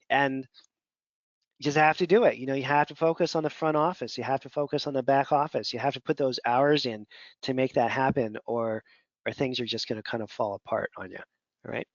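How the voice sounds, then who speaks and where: A man's voice: a little high, no echo. Chatty man teaching, lo-fi sound. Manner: conversational, rambling, many fillers. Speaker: functional medicine mentor. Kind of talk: casual teaching talk. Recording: dull lo-fi audio.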